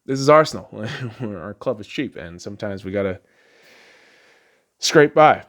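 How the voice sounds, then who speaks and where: A podcast host, a man, rants loosely about sports with plenty of profanity and frequent laughter. His delivery moves between low mutters and high, excited bursts, and his pace runs a little slow.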